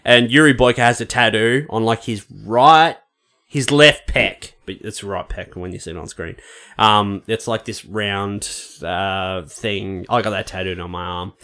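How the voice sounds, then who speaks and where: A man with a bright, forceful voice, co-hosting a casual podcast among old friends. He tells long rambling stories, full of fillers and the odd swear word. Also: fairly low pitch, measured pace. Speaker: podcast co-host.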